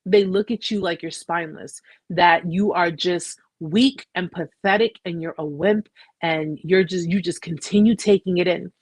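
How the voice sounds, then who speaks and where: Brief: woman host, husky and dry, emphatic storyteller who keeps repeating herself. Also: on the low side, moderate pace, no echo. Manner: emphatic, repeats phrases, asks "okay?". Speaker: host sharing a survivor story. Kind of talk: emotional personal storytelling.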